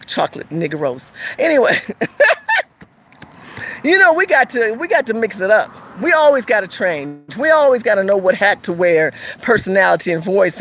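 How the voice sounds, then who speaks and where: A woman's voice: medium pitch, fairly bright tone, poor audio. A woman from California hosting a casual livestream, talking emphatically and repetitively straight to her viewers as she reads their comments.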